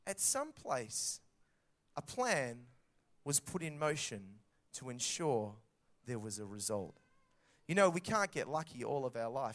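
A man in his thirties with an Australian accent, preaching a sermon and telling stories with lively acted-out quotes. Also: medium pitch. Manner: animated storytelling with acted-out quotes. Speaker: pastor.

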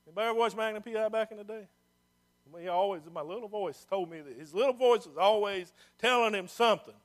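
A man preaching a sermon as pastor, folksy and plain-spoken, dropping to a hush and rising to loud emphasis. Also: high-pitched, fast. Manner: swings from hushed to loud and emphatic.

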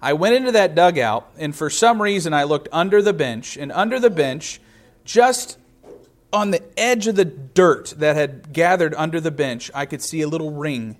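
A pastor in his thirties preaches a sermon conversationally, his fairly high voice expressive and at a normal speed. He tells it as a story, weaving in personal anecdotes.

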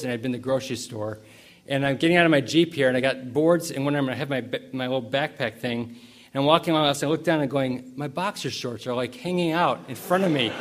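A middle-aged male pastor preaching in a church hall, his pitch sitting right in the middle for a man. He tells a loose, rambling story full of restarts and pokes fun at himself before settling into a reflective sermon. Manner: rambling and self-mocking, with frequent restarts.

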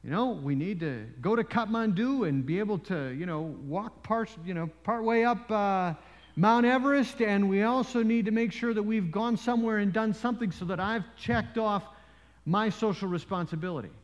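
A man preaching a sermon as pastor, telling stories in an animated way with frequent asides. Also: sits high, moderate pace. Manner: animated storytelling with frequent "you know" asides. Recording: long reverb in a large hall.

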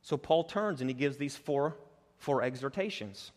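A man preaching a sermon as pastor. He speaks earnestly and builds emphasis, rising in pitch and force as he presses each point. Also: expressive, normal speed. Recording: long reverb of a large hall.

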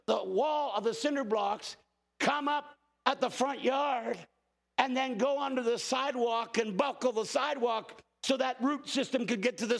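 A man in his fifties, a pastor, preaching an impassioned sermon that often rises to shouting. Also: extremely high pitch, gravelly. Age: 50s. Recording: hall reverb.

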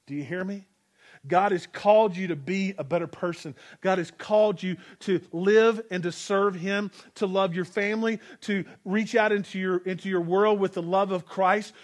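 A man in his forties preaching a sermon as pastor, earnest and exhorting, leading the congregation to repeat lines after him. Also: high voice. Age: 40s.

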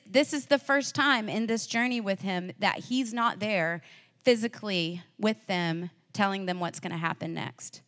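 A woman with a medium-pitched, fairly bright voice preaches a sermon at normal speed, earnest and conversational. She acts out the feelings of the disciples and Mary in quoted voices, using fillers and restarts along the way.

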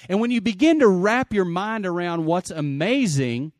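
A man preaching a sermon, calling for amens and swinging from loud exclamations to quiet asides. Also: high voice, expressive, a little slow, dry recording, studio quality. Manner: calls for audience response. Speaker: pastor.

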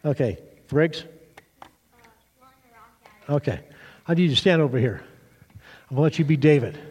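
A man's voice: on the high side, normal speed, husky, in a large hall. Man pastor telling a children's story. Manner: animated storyteller, asks children questions. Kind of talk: children's sermon with acted-out story.

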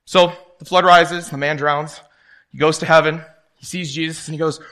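This is a young man preaching a sermon, his voice sitting a little higher than most men's. He talks casually and tells stories, slipping into the voices of the people he quotes. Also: fairly even intonation, brisk, fairly bright tone.

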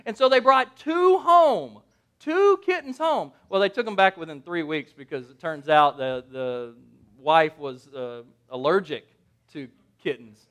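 A man's voice: on the high side, expressive, unhurried, a bit bright, smooth. A man preaching a sermon as a pastor, conversational and jokey, often checking in with the listeners and correcting himself mid-sentence. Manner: conversational, jokey, asks the audience "right?"; restarts and self-corrections.

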